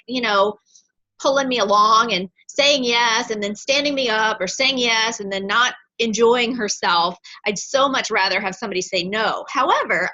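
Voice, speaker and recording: A middle-aged woman teaches a sales class with sharp, bright energy, her voice sitting a little high. She leans hard on key points and acts out the phone calls she wants her students to make. The recording is dull and lo-fi. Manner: energetic, emphatic, dramatizes phone scripts. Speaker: direct-sales trainer. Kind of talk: motivational training class.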